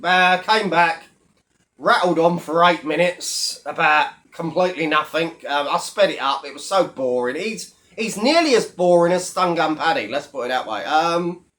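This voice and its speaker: High-pitched man, blunt ranting commentary, heavy swearing, mocking. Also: normal speed, a bit bright. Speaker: YouTube commentator.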